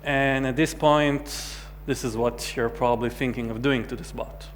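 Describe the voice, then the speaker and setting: A man's voice: mid-range voice, steady tone, moderate pace. A man from Israel, giving a technical talk at a conference in a light, joking way. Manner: light, joking presenter who acts out quoted chats. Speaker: conference speaker. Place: large conference hall. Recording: hall reverb with faint hum.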